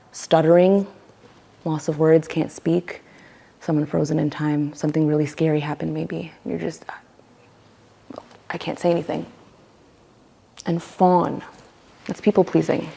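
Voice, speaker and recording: A woman teaching a voice workshop, lively and playful, acting out the voices she quotes. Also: sits low, gravelly, slightly rough. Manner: animated, acts out quoted voices. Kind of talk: workshop lecture.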